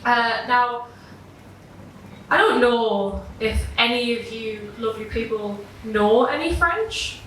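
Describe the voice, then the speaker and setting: Slow, laughing woman telling a story. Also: on the high side, a bit bright, slight background noise. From Britain. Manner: self-deprecating, swears casually, laughs through her lines. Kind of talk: live storytelling performance. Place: live gig venue. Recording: echoey room, voice from far off.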